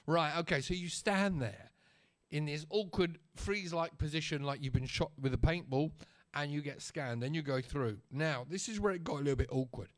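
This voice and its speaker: A man's voice: fairly high pitch, moderate pace. A man telling a story to camera in a chatty, sarcastic rant, often checking in with his listener. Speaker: vlogger.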